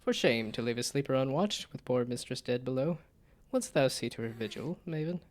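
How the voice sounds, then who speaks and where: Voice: mid-range voice, expressive, fairly quick, close to an everyday voice. A streamer voicing a loyal talking dog from a game, reading its old-fashioned, formal dialogue aloud. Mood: solemn. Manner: archaic, formal speech.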